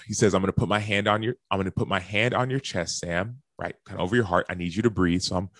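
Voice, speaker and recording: A man's voice: sits low, fairly even intonation, quick pace, few pauses, a bit bright, no echo. A man, a professional athlete, earnestly telling a personal story in a speech and acting out the lines and gasps of the people in it.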